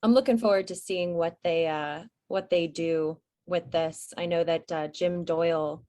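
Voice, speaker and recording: A woman's voice: on the low side, fairly even intonation, measured pace, mellow. A woman presenting horror news headlines on a podcast, reading items and adding casual asides. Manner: reads headlines with chatty asides.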